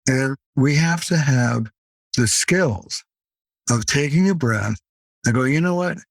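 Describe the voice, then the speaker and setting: A man's voice: medium pitch, expressive, slow, creaky, no room sound. An older man, a therapist and author, talking in a podcast interview with emphatic, punchy delivery and playful asides.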